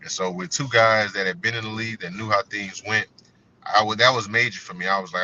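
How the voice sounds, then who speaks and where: A low-pitched man with a forceful, bright voice recounts his football past in a loose, conversational interview style. The audio is dull and lo-fi, with a faint hiss underneath. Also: steady tone, a little fast. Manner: conversational, fills with "you know". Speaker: guest, former college running back. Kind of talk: interview storytelling.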